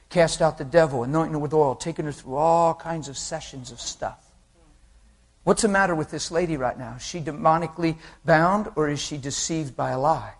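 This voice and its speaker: A man preaching a sermon, telling an anecdote with lively acted quotes and laughing along with the congregation. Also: on the high side. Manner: animated storytelling, voices quotes, laughs with the crowd.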